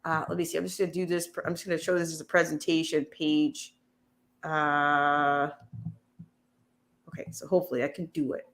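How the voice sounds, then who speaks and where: A woman's voice: sits low, little pitch movement, moderate pace. A woman hosting a casual livestream chat, rambling with many restarts and fillers as she talks to her viewers. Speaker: livestream host.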